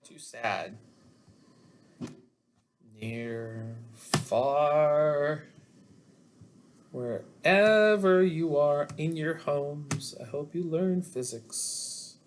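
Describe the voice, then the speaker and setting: A man's voice: fairly high pitch, animated, drawn-out words, background noise. A middle-aged man teaching a physics class online over a video call, chatty and joking with students between worked problems. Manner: chatty, jokey asides to students. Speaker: physics instructor. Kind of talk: online lecture.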